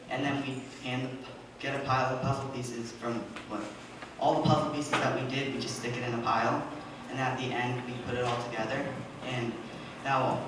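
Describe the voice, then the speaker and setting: A male teacher explains a class project to visiting families, stopping and restarting his words, with "like" in nearly every phrase. He sounds far from the microphone. A heavy echo fills the room, and steady noise sits behind him. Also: medium pitch. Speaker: teacher at a school open house. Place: large echoey room with an audience. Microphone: far from the mic. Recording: distant echoey room recording, background noise.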